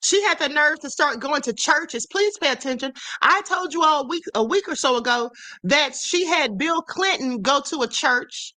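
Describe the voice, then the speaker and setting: A woman hosts a livestream in an animated commentary style, laughing often as she reads out viewer comments. Her voice sits high and sounds bright and sharp. It is recorded close and dry, with no room echo. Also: normal speed. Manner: repeats "please pay attention". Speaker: host.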